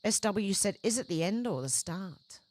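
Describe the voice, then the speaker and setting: A woman's voice: mid-range voice, animated, normal speed, a little mellow. A woman hosting a livestream, reading out viewers' chat comments one after another and adding short conversational reactions of her own. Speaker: livestream host.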